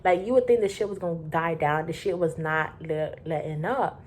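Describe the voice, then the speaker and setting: A woman from Florida telling a rambling, profane storytime about her work, animated and loose. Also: lowish voice, normal speed, a little hiss or hum. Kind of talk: casual storytime.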